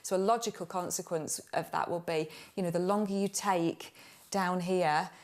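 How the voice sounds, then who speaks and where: A woman's voice: fairly low pitch, fairly even intonation, moderate pace. A woman, a mother of two, co-hosting a faith-based parenting chat and explaining ideas thoughtfully. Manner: thoughtful and explanatory, with frequent restarts.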